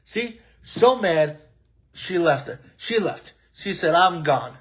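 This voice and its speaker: A man's voice: high voice, animated, slow pace. A man hosting a casual live-streamed wrestling talk show, ranting with sarcasm, restarting sentences and using lots of filler words. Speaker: podcast host.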